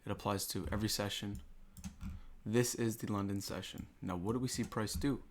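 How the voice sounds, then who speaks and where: With slight background noise behind him, a trading educator goes through a chart on a screen recording at normal speed. His lowish voice holds a steady tone as he asks rhetorical questions and repeats the important points.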